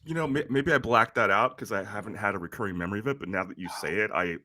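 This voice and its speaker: Low, bright-voiced laughing co-host. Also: male voice, slight background noise. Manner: laughs often, quick agreeing replies. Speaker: podcast co-host. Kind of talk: casual political chat.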